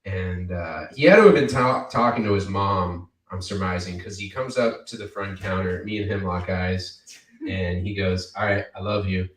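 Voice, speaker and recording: A man with a low voice talks through a stand-up set, rambling and halting with lots of fillers. He sounds far from the mic, in an echoey basement room. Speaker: stand-up comedian. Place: basement cafe venue.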